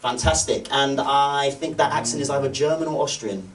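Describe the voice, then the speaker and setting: A man's voice: mid-range voice, steady tone, normal speed, slight background noise. A male comedian, the MC doing cheeky, teasing crowd work and laughing often. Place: live event venue with audience. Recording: distant mic, crowd laughter.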